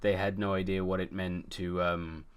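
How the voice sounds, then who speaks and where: A man's voice: deep voice, flat delivery, normal speed, clear, resonant tone. A man co-hosting a casual film podcast, chatty and joking, mocking film dialogue. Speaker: podcast co-host. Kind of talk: casual chat.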